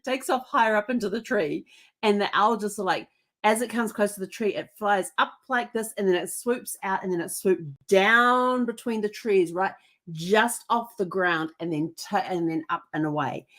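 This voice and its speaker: A woman's voice: mid-range voice, normal speed, fairly bright tone. A woman podcast host telling a casual story, rambling along with many restarts and fillers.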